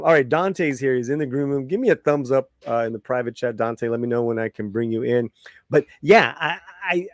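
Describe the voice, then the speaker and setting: A chatty man hosting a live-streamed talk show, often repeating himself and laughing easily. His voice sits at a middle pitch and sounds close and dry, with no room sound around it. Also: a little mellow, no echo. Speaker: host.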